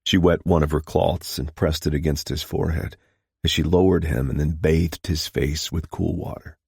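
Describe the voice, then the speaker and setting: Deep, husky male audiobook narrator. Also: steady tone, moderate pace, darkish tone, no room sound, clean studio sound.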